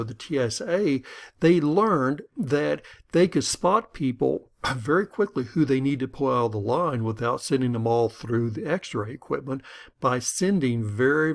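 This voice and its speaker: A middle-aged man lecturing in a relaxed, conversational way, with a gravelly edge to his voice. He tells stories to make his points, slipping into the voices of the people in them. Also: mid-range voice. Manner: conversational, storytelling, acts out quoted voices. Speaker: instructor. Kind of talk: lecture with an acted-out story.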